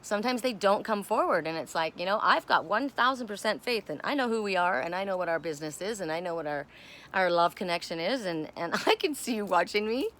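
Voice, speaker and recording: A woman chatting casually on her home deck, expressive and talking to her pets between thoughts. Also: medium pitch, brisk. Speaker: spiritual vlogger. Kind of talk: casual chat.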